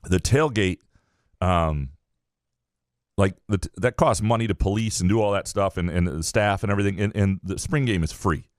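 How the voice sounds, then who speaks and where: A man co-hosting a casual sports podcast, talking things through in a measured, hedging way. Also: deep voice, no room sound, clean studio sound. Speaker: podcast co-host.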